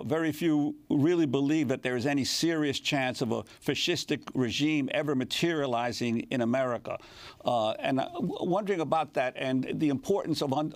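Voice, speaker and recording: A man asks a long interview question, halting and searching for words, in a mid-pitched voice. The sound is dry and close-miked. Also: dry recording. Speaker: news co-host interviewer.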